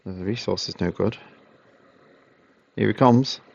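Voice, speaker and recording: An English man commentating a card game match in a relaxed, reactive way. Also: lowish voice, a little slow, vocal fry. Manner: relaxed, reactive, laughs often. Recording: dry, dull lo-fi stream audio.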